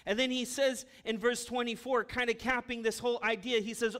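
A man with a high-pitched voice preaches a sermon from the pulpit. He rises into loud, urgent bursts, then drops to hushed, low asides as he pleads with his congregation. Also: normal speed. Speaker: pastor.

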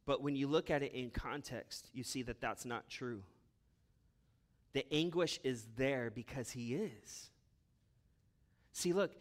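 A man with a high-pitched voice preaches a sermon from the pulpit. He rises into loud, urgent bursts, then drops to hushed, low asides as he pleads with his congregation. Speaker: pastor.

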